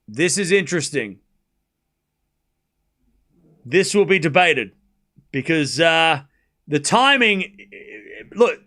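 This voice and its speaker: A man's voice: sits high, bright, forceful tone. A man hosting a live watchalong stream, calling the play and reacting bluntly, swearing freely. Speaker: streamer host.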